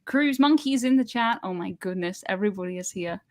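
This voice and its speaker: A woman's voice: medium pitch, animated, a little fast. A British woman hosting a live stream over a video call, chatting casually and laughing often.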